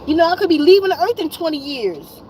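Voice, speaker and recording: Very high-pitched, very animated and fast, her voice is slightly mellow, though the rough recording has slight background noise. This fifty-something wellness vlogger is venting to viewers, worn out and exasperated, swearing bluntly and repeating herself often.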